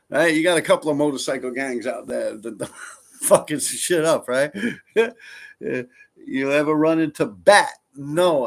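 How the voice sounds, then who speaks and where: New streamer, male, higher-pitched, loose profane chat with viewers. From New York. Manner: rambling, profane, laid-back. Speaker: streamer reading viewer comments. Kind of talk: casual live-stream chat.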